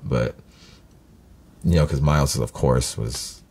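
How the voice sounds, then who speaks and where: Brief: deep-voiced male host, casual, profane, rambling reaction chat. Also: takes it slowly, a little mellow, a little hiss or hum. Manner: profane, rambling, many fillers.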